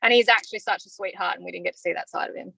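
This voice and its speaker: A woman's voice: fairly low pitch, rapid-fire, creaky, sharp tone, slightly rough, dry recording, low-quality recording. An Australian woman answering interview questions openly and from the heart, talking freely about how she feels. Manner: open and heartfelt, talks freely about feelings. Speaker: evicted reality show contestant.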